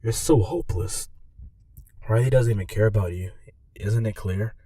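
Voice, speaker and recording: Cruel taunting voice in the head, guy doing it, lowish dark tone, far off and dry. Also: moderate pace, no room sound, close to an everyday voice. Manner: cold and belittling.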